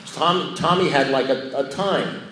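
A man's voice: on the high side, a little slow, fairly bright tone, a little hiss or hum. A man sharing a recovery story, rambling and repeating himself, playfully acting out what others said. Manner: repetitive, self-mocking, acts out quoted lines. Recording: echoey room.

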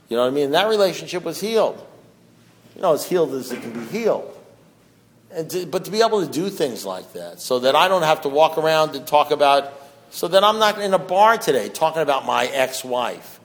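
A middle-aged man giving a twelve-step recovery testimony, talking in a loose conversational way with lots of fillers, dropping low and hushed, then rising to loud, raised outbursts. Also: lively intonation, a little fast. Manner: conversational, fillers like "you know" and "deal", mimics voices. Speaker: recovering alcoholic sharing at a meeting.

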